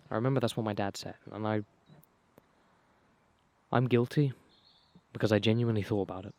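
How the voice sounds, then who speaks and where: A young man tells his own life story casually, rambling and swearing, with many fillers and restarts, his voice going hoarse. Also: on the low side, steady tone, brisk, pauses often, dark tone. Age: young adult. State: losing his voice. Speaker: vlogger.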